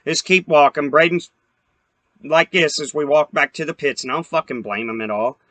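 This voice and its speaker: A man's voice: a little high, moderate pace, a bit bright, dry recording. A young man hosting a podcast, telling a story in a profane, heated, rambling way. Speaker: podcast host. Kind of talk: casual storytelling rant.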